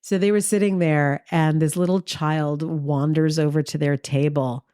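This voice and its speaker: Woman, middle-aged, from New York, low pitch, dry sound, casual anecdotal podcast chat. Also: unhurried, clear, resonant tone, no room sound. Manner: lively anecdotal, acts out quotes with big pitch jumps. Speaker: podcast co-host.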